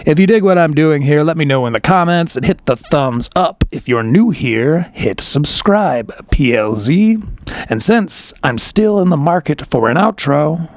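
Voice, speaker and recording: A man giving casual video commentary as a reviewer, chatty and wry, with self-aware asides. His voice sits a touch higher than most men's. The sound is dry and close, with no room echo. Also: lively intonation, unhurried, a little mellow. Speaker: comedy special reviewer.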